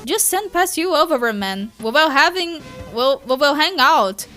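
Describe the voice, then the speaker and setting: A cocky teenage troll boy from a webcomic tosses off flippant lines, voiced by a woman. The voice is a little high, with faint music under it. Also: lively intonation, a little slow, sharp tone, exaggerated voice.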